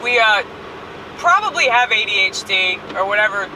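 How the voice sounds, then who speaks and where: With lively intonation and a medium pitch at moderate pace, a woman rants brashly and profanely while driving, a rambling online comedian filming on her phone. The phone sits at a distance, picking up a noisy background inside the moving car.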